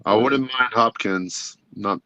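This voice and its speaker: A man chatting casually on a live stream, relaxed and easygoing. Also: medium pitch, slow, no room sound, poor audio. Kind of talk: casual chat.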